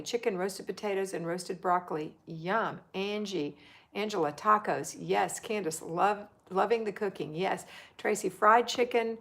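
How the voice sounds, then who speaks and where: A middle-aged woman hosting a live homemaking chat, reading viewer comments aloud and cheering them on. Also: medium pitch. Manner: chatty and encouraging, reads comments aloud.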